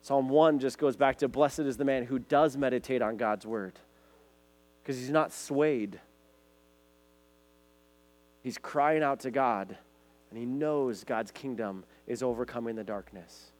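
A man's voice: medium pitch, a little slow, long pauses, darkish tone. Earnest male pastor preaching. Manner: earnest preaching, reading scripture aloud. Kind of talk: sermon.

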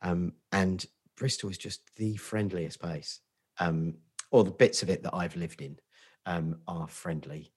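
Husky-voiced man with a Portsmouth accent. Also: deep voice, steady tone, a little slow. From Portsmouth, England. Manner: sweary, self-mocking banter. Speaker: guest, marketing agency founder. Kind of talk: casual podcast chat.

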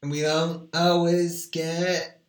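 A woman chatting casually in a theatrical way, breaking into sung snippets and swinging between crooning and shouting. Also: on the low side, level tone, takes it slowly. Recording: echoey room.

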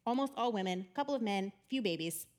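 A woman giving a chatty, animated storytelling talk about faith, often laughing as she speaks. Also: mid-range voice, brisk.

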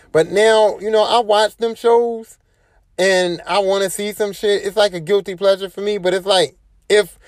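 A man's voice: high voice, no room sound, studio quality. A young man hosting his own podcast, talking on his own in a rambling, slangy and often profane way. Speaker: podcast host. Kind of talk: casual solo podcast monologue.

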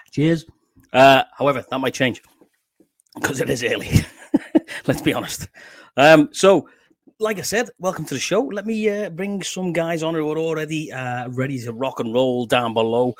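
A man's voice: fairly high pitch, no echo. Chatty Liverpool man hosting a live stream. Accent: Liverpool English. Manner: chatty, swears freely, laughs often. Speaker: podcast host. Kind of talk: casual live stream chat.

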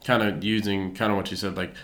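A man's voice: fairly low pitch, flat delivery, quick pace, a bit bright. A man talking casually in a podcast chat, rambling and swearing freely as he tells stories. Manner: rambling, swears freely, acts out quoted people.

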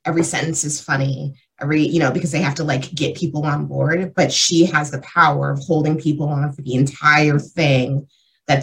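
A woman's voice: low-pitched, creaky, poor audio. A woman co-hosting a casual discussion about comedy, thinking aloud with many fillers. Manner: thoughtful, lots of fillers. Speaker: podcast co-host.

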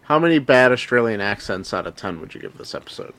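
A man's voice: mid-range voice, lively intonation, fast talker, a bit bright. A man hosting a casual podcast chat, recapping a story with lots of "uh" and "you know" fillers. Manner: recaps the plot with many fillers. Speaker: podcast host.

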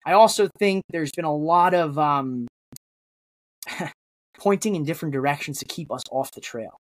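A man's voice: fairly high pitch, normal speed, dry recording. A man guesting on a wrestling podcast, rambling through theories in casual chat, with lots of restarts.

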